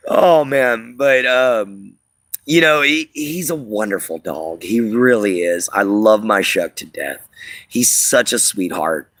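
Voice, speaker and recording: A man's voice: fairly low pitch, lively intonation, takes it slowly, a bit bright, no echo. A man hosting a casual live stream, rambling to his viewers with lots of fillers. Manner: rambling, filler-heavy, talks to chat. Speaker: livestream host. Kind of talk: casual livestream chat.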